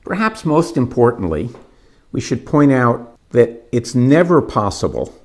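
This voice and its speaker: A man giving a recorded course lecture, explaining plots step by step in a measured way. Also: mid-range voice, sing-song, darkish tone.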